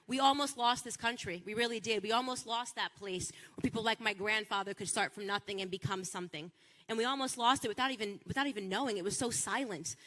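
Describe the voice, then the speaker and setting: High, bright-voiced woman giving a fiery speech. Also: big-room sound. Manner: emphatic, builds to near-shouting peaks; repeats phrases for rhetorical punch. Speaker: political speaker. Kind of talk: impassioned political speech.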